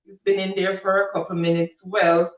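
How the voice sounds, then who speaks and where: A man's voice: high-pitched, level tone, normal speed. A man co-hosting a casual live show, reading viewer comments aloud and laughing often. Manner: laughing often, reads comments with a Caribbean lilt. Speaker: co-host reading live chat. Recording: echoey, distant, dull audio.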